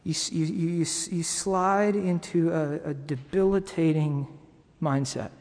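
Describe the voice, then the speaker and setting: Earnest pastor preaching in a reverberant hall. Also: male voice, fairly high pitch, fairly even intonation, darkish tone. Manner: earnest, pausing, halting restarts. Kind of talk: sermon. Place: church sanctuary.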